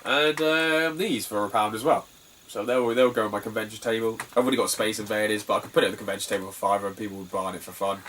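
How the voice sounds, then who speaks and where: A man's voice: on the low side, quick pace, fairly bright tone, recorded from a distance, slight background noise. A young British man chatting casually about his game finds, rambling and laughing often. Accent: British English. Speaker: retro game collector vlogger. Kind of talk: casual chat.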